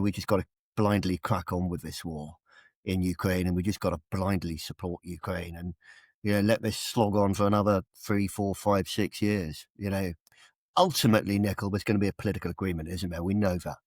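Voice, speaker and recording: A middle-aged British man, a retired general, speaking in a low, fairly deep voice. He chats casually and keeps ending points with tag questions like "isn't it?". The sound is dry and close, with no room around it. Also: fairly quick, dry recording. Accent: British English. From England. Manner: talks in tag questions, repeats words as he starts. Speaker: retired army general, guest. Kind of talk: casual conversational interview.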